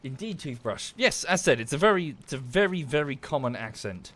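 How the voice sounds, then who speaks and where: A man's voice: medium pitch, animated, brisk, fairly bright tone. Chatty Estuary English man streaming a game. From southern England. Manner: chatty, thanks viewers by name, mutters and swears at the game. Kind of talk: casual livestream commentary while gaming.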